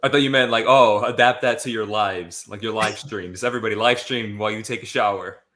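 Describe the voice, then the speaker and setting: A man's voice: fairly low pitch, fairly even intonation, a crowd in the background. A man co-hosting a casual livestream chat over a video call, trading goofy quips. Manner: goofy banter, quick quips. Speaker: livestream co-host.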